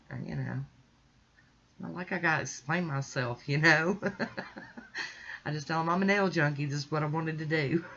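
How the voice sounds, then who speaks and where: A woman casually chatting through a nail art tutorial, relaxed and rambling, with small laughs. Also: very deep voice. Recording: dull lo-fi audio.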